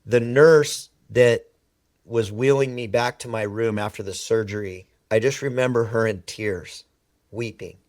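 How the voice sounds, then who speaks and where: A man telling personal stories in a podcast conversation, animated and emphatic, repeating words for effect. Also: on the low side, unhurried, no echo, clean studio sound. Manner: animated storyteller who acts out quoted dialogue. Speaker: podcast guest.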